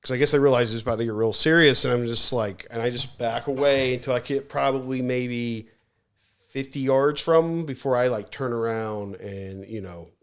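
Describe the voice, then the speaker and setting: Man, podcast guest, casual storytelling, animated, rambling. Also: medium pitch, moderate pace, clear, resonant tone. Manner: animated, rambling, heavy use of "like".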